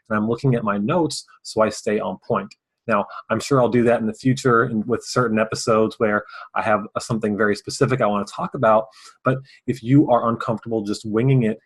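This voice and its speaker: A man hosting his own video channel, giving fast, casual advice straight to camera and sometimes mumbling his words. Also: fairly low pitch, slightly rough, low-quality recording. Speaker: host.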